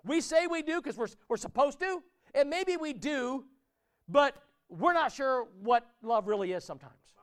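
A man's voice: very high voice, lively intonation, moderate pace, a bit bright. A man preaching a conversational sermon in a church, often asking his listeners questions. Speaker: pastor.

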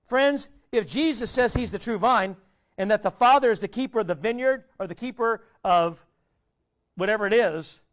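A man pastor delivering a sermon, pleading and rhetorical, swinging between loud appeals and hushed quiet asides. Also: high voice, moderate pace.

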